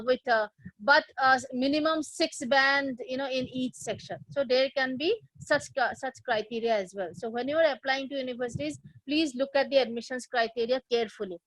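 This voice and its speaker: A woman's voice: high-pitched, a bit bright, dry recording, low-quality recording. A woman presenting a live online lesson on test preparation, explaining step by step and asking her audience questions. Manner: explanatory, asks the audience questions, frequent fillers and restarts. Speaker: test prep instructor.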